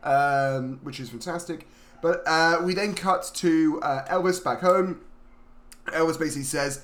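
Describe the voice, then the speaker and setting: A man co-hosting a casual film review chat, recapping the plot haltingly with many pauses. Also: fairly high pitch, a bit bright. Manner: hesitant, many "uh" fillers while recapping. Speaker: podcast co-host.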